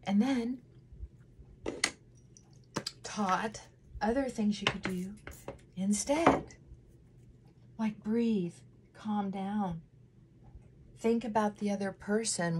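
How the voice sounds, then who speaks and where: Slow-talking emotional woman vlogger. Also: medium pitch, a little hiss or hum. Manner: emotional, tearful, candid. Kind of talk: casual chat while doing makeup.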